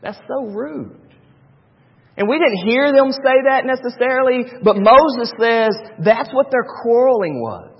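A man preaches to his congregation from the pulpit, driving points home by repeating them. His voice sits high and a little husky. The recording is dull and rings with the long reverb of a big church hall. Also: lively intonation, measured pace. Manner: repetitive, emphatic preaching with homely asides. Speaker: pastor. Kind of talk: sermon. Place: church sanctuary.

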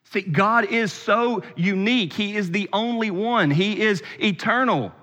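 A man preaching a sermon as a pastor, emphatic and repetitive, often dropping suddenly to a quiet voice. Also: high-pitched, a little slow, in a large hall.

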